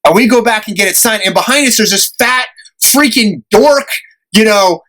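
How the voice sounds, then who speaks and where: Animated high-voiced podcast host. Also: male voice, normal speed, poor audio. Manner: animated storyteller, acts out quoted voices, laughs often. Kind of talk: casual storytelling chat.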